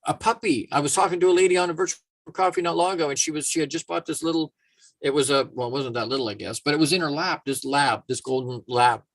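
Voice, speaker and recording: A man giving a casual motivational talk, animated and storytelling, acting out little quoted voices. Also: on the high side, quick pace, no room sound. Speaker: motivational speaker.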